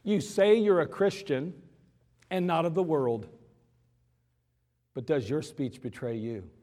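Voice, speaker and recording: Male pastor, high and lively delivery, dramatic storyteller, church echo. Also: slow. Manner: dramatic, acts out scenes with voices. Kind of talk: sermon. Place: church sanctuary. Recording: long church reverb.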